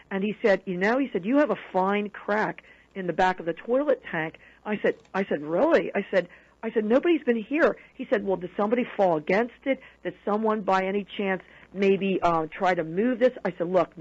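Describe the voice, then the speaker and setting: A woman guest on a radio show, telling a personal story in an animated way and acting out the quoted dialogue. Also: lowish voice. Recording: dull lo-fi radio broadcast audio.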